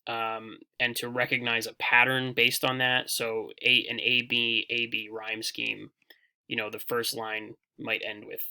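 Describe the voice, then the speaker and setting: A young man teaches a poetry lesson over slides, his very bright voice carrying a gravelly rasp. He explains loosely, circling back with fillers and restarts as he goes. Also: medium pitch, completely flat delivery, unhurried.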